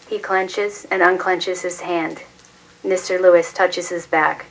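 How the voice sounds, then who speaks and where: A woman reading a novel aloud at a public reading night, steady and expressive. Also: lowish voice, measured pace, poor audio. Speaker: reader.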